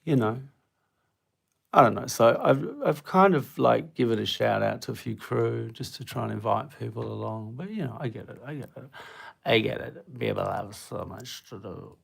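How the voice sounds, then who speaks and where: A man's voice: medium pitch, moderate pace, vocal fry, slightly rough. A man hosting a casual live stream, rambling and playful, often breaking off mid-sentence. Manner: rambling, self-interrupting, playful. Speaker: livestream host.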